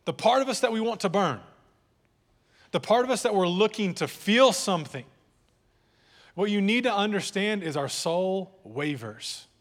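A man's voice: high-pitched, lively intonation, normal speed, long pauses, big-room sound. A male pastor preaching a sermon in a church, talking casually, repeating words and joking with his listeners. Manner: conversational preaching with repeated words and audience jokes. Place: church hall.

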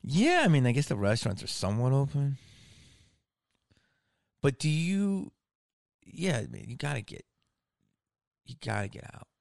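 A man's voice: mid-range voice, very animated, unhurried, gravelly, pauses often, no echo, clean studio sound. A man hosting a podcast, talking in a rambling, casual way with frequent laughs and easy swearing. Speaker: podcast host. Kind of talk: casual chat.

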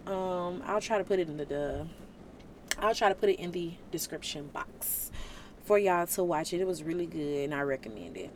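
Animated woman preaching casually. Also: lowish voice, moderate pace, a little hiss or hum. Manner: colloquial, animated, conversational. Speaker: Christian vlogger.

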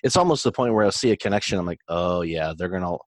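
A man's voice: lowish voice, expressive, very fast, dry recording. A man in casual conversation, rambling and joking as he talks. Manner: rambling, joking, many fillers and restarts.

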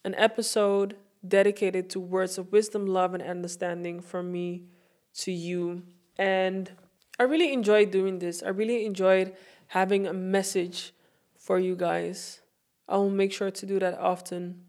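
A woman's voice: mid-range voice, little pitch movement, unhurried, a little mellow. A woman hosting her own motivational podcast, recording herself and speaking in an earnest, heartfelt way, repeating phrases for emphasis. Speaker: podcast host. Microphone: self-recorded.

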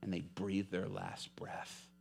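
A man preaching a sermon who voices a hardened male prison inmate in a low, grim, quiet tone. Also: flat delivery, takes it slowly, vocal fry, husky, full character voice. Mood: cold.

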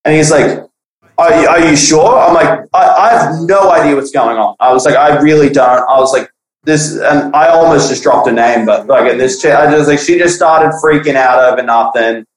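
A young man casually telling a profane school story on a podcast, animated, acting out the people he quotes. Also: a little high, moderate pace. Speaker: podcast guest. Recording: echoey room.

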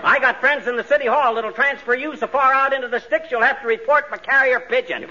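A brash, wisecracking husband who never stops bragging, played by a man in an old radio comedy. His high voice jumps all over the place. It comes through a muffled broadcast with steady hiss. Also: a little fast, over a noisy crowd, lightly acted. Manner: brash, wisecracking, tall-tale bluster. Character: boastful loudmouth middle-aged husband, quick-tongued braggart. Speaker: blustering husband. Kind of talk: 1940s radio comedy acting.

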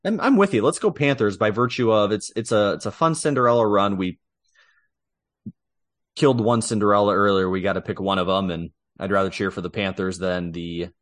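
A man's voice: lowish voice, a little fast, a bit bright, no room sound, studio quality. A man co-hosting a podcast, chatting casually and with opinions about sports, laughing easily. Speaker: podcast co-host.

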